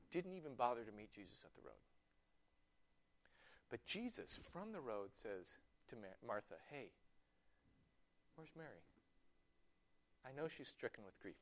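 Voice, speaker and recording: Animated male preacher telling a story. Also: medium pitch, unhurried, long pauses, dry recording. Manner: animated storytelling, acting out quotes with big swings from loud to hushed. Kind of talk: sermon.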